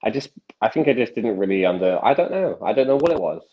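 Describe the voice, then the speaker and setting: Man, 30s, low voice, chatty magician guest, rambling storyteller, dull recording. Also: very animated, fast. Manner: rambling storyteller with many restarts and acted quotes. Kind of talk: casual interview chat.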